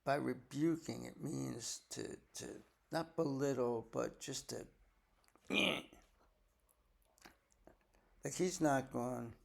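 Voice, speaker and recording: A man's voice: mid-range voice, slow pace, vocal fry, pauses often. An older man, a grandfather, reading scripture aloud and breaking off for folksy, chatty asides to explain it. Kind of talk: bible reading with casual commentary.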